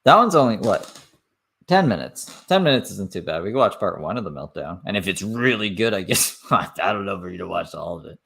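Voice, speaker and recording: A man's voice: deep voice, sing-song, a little fast, creaky, a bit bright, slightly rough. A man from Canada giving casual reaction commentary, swearing and laughing between remarks. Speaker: reaction streamer.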